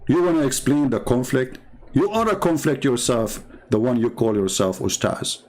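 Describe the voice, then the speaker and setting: A man's voice: medium pitch, animated, normal speed, a little mellow. A man who is not a native English speaker, hosting a commentary show in a mocking, sarcastic tone and broken English. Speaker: show host.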